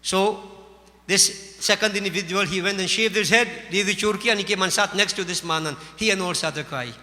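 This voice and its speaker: Male Hindu preacher, Caribbean English accent, emphatic and folksy, very bright voice. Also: high voice, a little fast. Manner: folksy, emphatic, addresses listeners as devotees. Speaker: Hindu religious teacher. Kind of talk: sermon with storytelling. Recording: long hall reverb.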